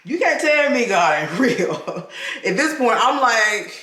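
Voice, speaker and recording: An animated woman in her thirties tells her story straight to the camera and keeps addressing her viewers. Her voice is bright and forceful. The room around her is echoey. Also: on the high side, slow. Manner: animated, talks straight to viewers with "y'all", acts out quoted voices. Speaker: vlogger. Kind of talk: personal storytelling vlog.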